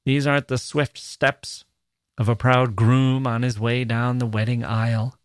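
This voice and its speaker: With a medium-pitched voice at a measured pace and no echo, a male podcast host talks about poetry. He is animated, using nonsense syllables to act out rhythms.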